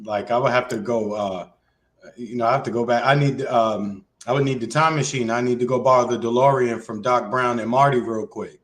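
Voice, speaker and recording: A man dropping into a podcast conversation with a mid-pitched voice. He speaks in loose slang and swears casually. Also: fairly even intonation, fairly quick. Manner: slangy, laid-back, swearing. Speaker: podcast guest. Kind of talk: casual chat.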